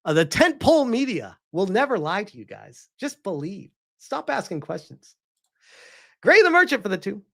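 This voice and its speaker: Animated, swearing woman streamer. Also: mid-range voice, normal speed, creaky. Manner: animated, incredulous ranting with frequent swearing. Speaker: streamer host reading viewer donations. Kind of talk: casual livestream commentary.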